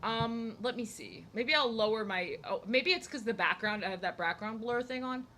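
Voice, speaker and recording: A woman's voice: a little high, normal speed, sharp tone. A young woman art streamer chatting casually while she draws, rambling and self-deprecating with lots of fillers and restarts.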